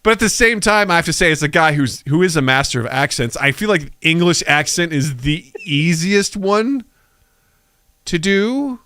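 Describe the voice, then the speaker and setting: A man's voice: on the high side, animated, normal speed, bright, forceful tone, no room sound, clean studio sound. A man co-hosting a podcast in casual chat, joking around and slipping into mock voices. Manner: jokey, slips into mock voices and accents. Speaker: podcast co-host.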